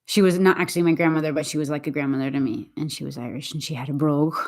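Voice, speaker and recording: A woman's voice: deep voice, fairly even intonation, rapid-fire, a little mellow. A woman from Boston talking in a casual, earnest and rambling way, often restarting her sentences. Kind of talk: casual spoken reflection.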